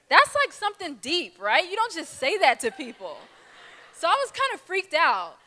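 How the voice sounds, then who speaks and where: A young woman speaking at a girls' conference, telling a lively personal story and acting out the people in it. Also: sits high, moderate pace. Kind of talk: testimony talk to a youth audience. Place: large conference hall. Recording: reverberant hall.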